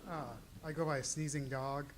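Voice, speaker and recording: Soft-spoken guy in the crowd at a convention panel, kinda hesitant, lots of ums. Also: fairly high pitch, flat delivery, moderate pace, rough recording. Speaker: audience member asking a question.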